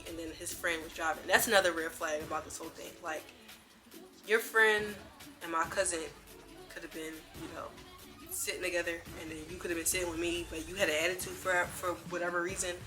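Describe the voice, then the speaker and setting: A young woman vlogger telling a storytime in an animated, slangy way, acting out the other people's lines as she goes. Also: on the low side, brisk, faint music behind. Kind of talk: casual storytime.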